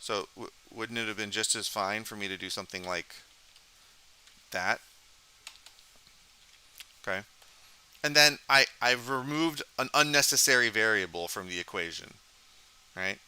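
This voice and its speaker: A man's voice: lowish voice, lively intonation, a little slow, long pauses, bright, forceful tone, clear, resonant tone. A man teaching a college programming lecture, talking casually while coding live, thinking aloud and asking the class questions.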